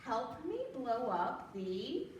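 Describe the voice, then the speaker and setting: A woman's voice: fairly high pitch, big pitch swings, takes it slowly. A woman voicing a cheerful, bossy frog father in a storybook read aloud. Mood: calling. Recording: echoey room from far off, noisy.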